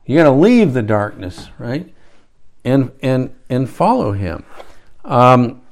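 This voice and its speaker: A man's voice: medium pitch, very animated, takes it slowly, darkish tone. A man preaching a conversational sermon, rambling along with restarts and rhetorical asides.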